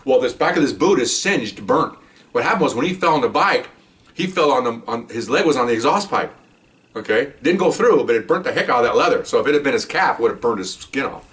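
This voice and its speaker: A man's voice: mid-range voice, expressive, fast, a bit bright, recorded from a distance. An older man, a retired police officer, telling a patrol story in a casual, rambling way full of asides and "okay?" check-ins.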